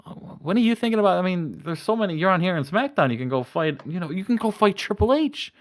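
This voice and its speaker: A man's voice: high-pitched, big pitch swings, quick pace, pitched above the performer's own voice. A man voicing a boastful male wrestler with a sarcastic, raised voice. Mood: mocking.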